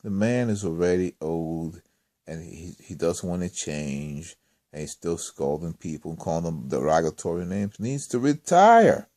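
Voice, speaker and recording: A man's voice: sits low, fairly even intonation, moderate pace, warm tone. A man telling a story in a casual, rambling monologue, often exasperated and repeating himself. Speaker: vlogger.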